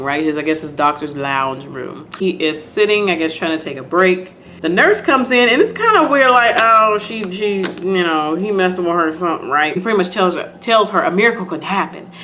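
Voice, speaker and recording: A woman's voice: on the low side, expressive, a little fast, few pauses, a bit bright, slight background noise. A woman casually recapping and reacting to a TV episode, chatty and repetitive, with lots of "like" and "you know". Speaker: video host.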